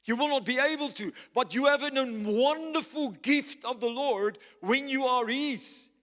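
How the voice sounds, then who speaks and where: A male pastor preaching a sermon, slow and emphatic, repeating key phrases. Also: extremely high pitch, a bit bright. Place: church. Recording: reverberant church hall with faint music.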